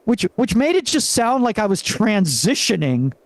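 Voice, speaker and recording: A young stand-up comedian from Venezuela works the crowd with a halting delivery, stumbling through fillers and restarts. His voice sits fairly high for a man. It comes through a stage mic and sounds dry and close. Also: very animated, no room sound. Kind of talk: live stand-up set.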